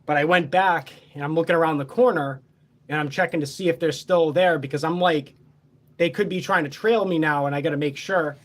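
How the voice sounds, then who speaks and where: A man's voice: a little high, fairly quick, a bit bright. A man telling a story in a casual, boastful, heavily profane, rambling way.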